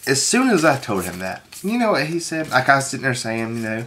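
A woman with an unusually deep, low voice tells a meandering story between reading card names. The recording is noisy, with wrappers crinkling and clicking close by. Her talk is loose and casual. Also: sing-song, brisk, hardly any pauses, fairly bright tone. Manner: rambling storyteller, reads card names aloud. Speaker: card pack opener, co-host. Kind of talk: casual chat while opening card packs.

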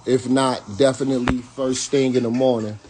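A man's voice: mid-range voice, flat delivery, moderate pace, noisy background. A man giving loose, slangy live-stream commentary and talking straight to his viewers. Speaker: YouTube commentator.

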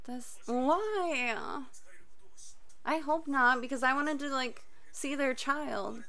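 A young woman doing a casual anime reaction, excitable and quick to gasp and shriek. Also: high voice. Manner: excitable, gasping and shrieking in surprise.

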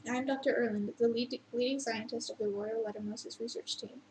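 Woman reading as an elderly male scientist, polite and calm. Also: a little high, a little fast, a little hiss or hum, lightly acted, rough recording.

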